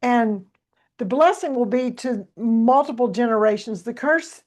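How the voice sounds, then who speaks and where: Woman host, conversational and encouraging, pitched a bit high. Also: a little slow, darkish tone. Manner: encouraging, affirming. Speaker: podcast host. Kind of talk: conversational interview hosting.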